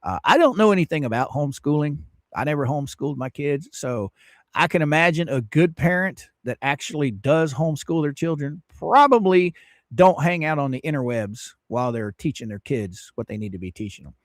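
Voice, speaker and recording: A man's voice: on the high side, expressive, a little fast, no echo, studio quality. A man in his fifties hosting a casual livestream, greeting viewers by name in a drawling, teasing, sarcastic way. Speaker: livestream host.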